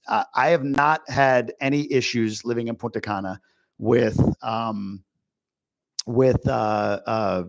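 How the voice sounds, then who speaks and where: A man's voice: medium pitch, gravelly. A man hosting a casual livestream Q&A, answering viewer questions in a chatty, rambling way full of fillers and asides. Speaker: host.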